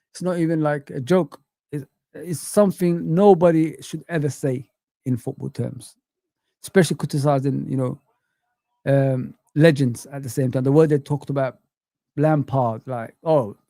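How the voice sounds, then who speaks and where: A young man hosts a casual live stream, ranting and circling back to the same points while reading viewer comments. His voice sits a bit high, and it comes through dry and close with no room sound. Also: creaky, dark tone, dry recording. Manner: ranting, repeats himself, reads viewer comments aloud.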